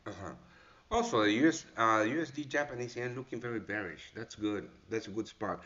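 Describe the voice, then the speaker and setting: Bright-toned man rambling through live market commentary. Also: fairly low pitch, moderate pace, dull audio. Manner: casual and rambling, swears, calls viewers mate. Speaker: forex trading show host.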